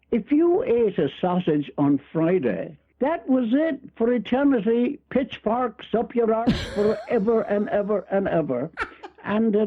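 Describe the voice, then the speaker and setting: A man's voice: high voice, dry recording. An older Irish man, a guest author, telling rambling, humorous stories with frequent restarts and chuckles. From Ireland. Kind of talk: storytelling interview chat. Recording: tinny phone-line radio audio.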